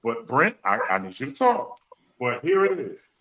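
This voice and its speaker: A man's voice: mid-range voice, huge pitch swings, normal speed, pushed and bright, rough recording. A man hosting a podcast, speaking, repeating phrases and using folksy slang. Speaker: podcast host. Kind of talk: emotional motivational talk.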